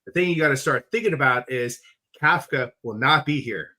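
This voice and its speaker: A man's voice: mid-range voice, normal speed, sharp tone. A man appearing as a guest on a sports podcast, chatting casually and making emphatic, blunt predictions.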